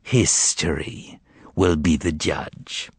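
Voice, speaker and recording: A man's voice: on the low side, lively intonation, a little slow, no room sound. A man voicing a boastful, cheeky giant male cat in an audiobook. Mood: cocky. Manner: cocky, teasing, then meek. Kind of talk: audiobook character voice.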